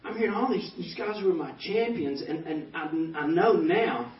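Man telling a lively personal testimony. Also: a little high, normal speed. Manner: animated storytelling with self-deprecating humor. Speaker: pastor. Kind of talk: personal testimony to a banquet audience. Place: banquet hall. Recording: echoey hall, distant mic, dull sound.

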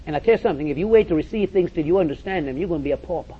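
A rapid-fire, animated preacher with a voice on the high side addresses an audience in a church or meeting hall. He's emphatic and direct, repeating phrases and calling listeners to listen. The lo-fi audio is dull, with a little background noise.

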